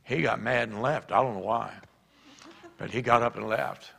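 Gravelly preacher man telling stories, punchy shouts, big church reverb. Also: on the low side, moderate pace. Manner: animated, acts out shouted quotes. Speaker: pastor. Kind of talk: sermon storytelling.

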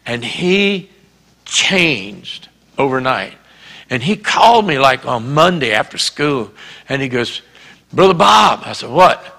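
A pastor with a Southern US accent preaches a sermon in a church sanctuary, telling a story and acting out its dialogue. His mid-range voice is animated, slow, bright and forceful, and the hall is reverberant.

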